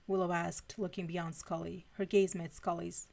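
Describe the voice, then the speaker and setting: Gravelly-voiced woman reading a story aloud. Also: on the low side. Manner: expressive reading aloud with quick asides. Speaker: fanfiction reader. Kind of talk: live-stream story reading.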